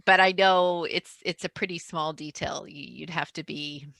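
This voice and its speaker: Author lady on a video call, rambles and restarts a lot, bright edge, dry mic. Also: low voice, steady tone, moderate pace, vocal fry, no echo. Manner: chatty, self-interrupting, laughs often. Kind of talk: casual chat.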